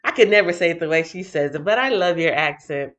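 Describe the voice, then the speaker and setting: A woman hosting a casual livestream, who sounds tired after a night shift. She reads out chat comments in an animated, playful way and breaks into sing-song bits. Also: on the low side, quick pace, muffled recording. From Texas. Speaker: livestream host.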